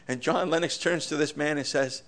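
A man's voice: on the high side, fairly bright tone. A man preaching a sermon with passion, his voice swelling and dropping, with stammered restarts. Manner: impassioned, rising and falling in volume, with stammered restarts.

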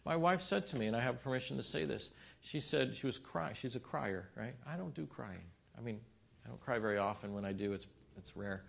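A middle-aged man preaches at a marriage seminar, telling personal stories and acting out his wife's lines in a raised voice. His voice sits at a medium pitch. The recording is dull and lo-fi. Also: animated, fairly quick, creaky. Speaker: pastor.

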